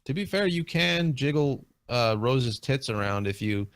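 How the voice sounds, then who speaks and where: A man's voice: medium pitch, animated, measured pace, no echo. Rambling man, dry close sound. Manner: talkative, rambling with many fillers and restarts. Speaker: guest in a video game discussion. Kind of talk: casual chat.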